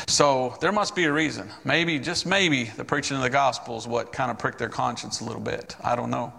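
A man's voice: mid-range voice, creaky, long reverb tail. A man in his forties, a missionary preacher, telling his testimony in a sermon, acting out the people in his story. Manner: storytelling, animated quoted voices.

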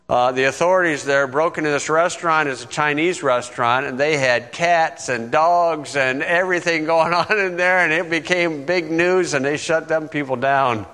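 A man's voice: on the high side, sharp tone, in a large hall. A man teaching a Bible lesson in a conversational, folksy way, often checking in with his listeners. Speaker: preacher.

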